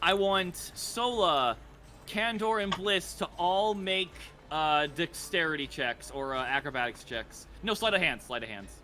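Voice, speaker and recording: A man running a tabletop game as dungeon master, narrating excitedly, swearing freely and shouting out the lines of guards. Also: a little high, unhurried.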